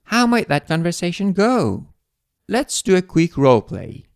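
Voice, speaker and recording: A man teaching an English lesson, explaining phrases in a clear, deliberate way. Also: high-pitched, big pitch swings, no echo, clean studio sound. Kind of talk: scripted language lesson.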